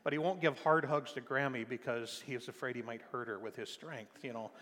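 An older man preaching a sermon, telling a family story in a conversational way and then rising to loud, impassioned preaching. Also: medium pitch, fairly quick. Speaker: pastor. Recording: long hall reverb.

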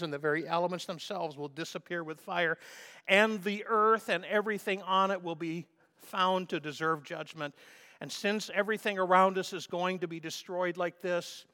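A man's voice: high voice, fairly even intonation, moderate pace, pushed and bright. A man preaching a sermon in an earnest, emphatic way, sometimes stumbling and restarting as he builds his points.

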